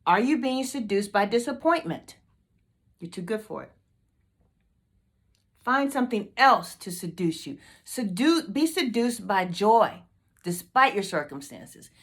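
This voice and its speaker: A woman's voice: medium pitch, very animated, measured pace, long pauses. A woman hosting a motivational team meeting video, fired up and emphatic, repeating her questions to the group.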